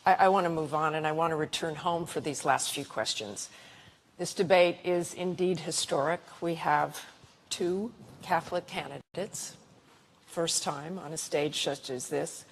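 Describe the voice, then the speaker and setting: A woman's voice: deep voice, measured pace, big-room sound. A woman moderating a political debate, pressing the candidates with repeated direct questions. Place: debate stage.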